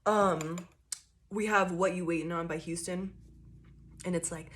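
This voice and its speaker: A woman's voice: lowish voice, unhurried, pauses often, slight background noise. A woman giving a casual tarot reading into a desk microphone, swearing freely and laughing often. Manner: profane, animated, laughs often, acts out quoted people. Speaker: tarot reader. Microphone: desk microphone that picks up card shuffling.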